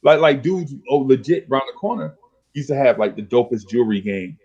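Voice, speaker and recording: This podcast host, a middle-aged man, has a husky mid-range voice and talks fairly quickly over dull-sounding audio. Chatting casually, he recounts street stories thick with slang, bringing them to life by imitating how his old friends talked.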